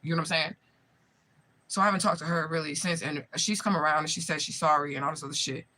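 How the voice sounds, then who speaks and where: A woman's voice: low-pitched, quick pace, sharp tone, low-quality recording. A woman around forty, a spiritual medium, talking straight to camera in a raw, profane, rambling way, often asking listeners if they follow her. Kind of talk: emotional direct-to-camera vlog.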